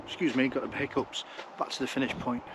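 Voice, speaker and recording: Walking an outdoor route with an action camera in hand, a tired vlogger talks fast and bluntly, rambling as he chats to viewers. His mid-range voice holds a steady tone over background noise.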